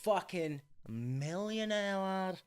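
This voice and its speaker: A man's voice: high-pitched, animated, takes it slowly, clear, resonant tone, voice pushed up. A man putting on a brash, swearing male talent scout, coaxing a kid to join a band. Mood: pushy.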